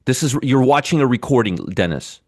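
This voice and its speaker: A man's voice: mid-range voice, lively intonation, brisk, darkish tone, dry recording, clean studio sound. A man hosting a live trading show, giving blunt, sarcastic market commentary and bantering with chat viewers. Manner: blunt, swears freely.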